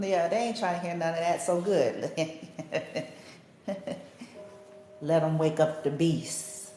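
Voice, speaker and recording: A woman's voice: low voice, slow pace, long pauses, dark tone, reverberant, soft background music. A woman ranting to her viewers in a profane, sassy monologue, laughing often and throwing in mocking asides. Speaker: spiritual healer vlogger.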